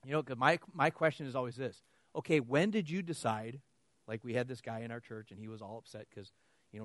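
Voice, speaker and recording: In a mid-range voice that runs a little fast, a man preaches a sermon, recorded dry. He tells stories with plenty of laughter and acts out both sides of the conversations.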